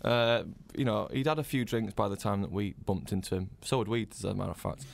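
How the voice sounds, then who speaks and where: A northern English man speaks in a low, gravelly voice. He tells his story in a rambling way and keeps restarting his sentences. It sounds like a relaxed guest in casual interview chat. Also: a little fast. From northern England. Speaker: band member, guest.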